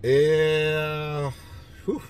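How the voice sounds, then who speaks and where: A man casually rambling through his football picks, joking and swinging between loud and quiet. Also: very slow, clear, resonant tone, far from the mic. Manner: rambling, joking, lively swings in pitch and loudness. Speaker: vlogger giving football picks.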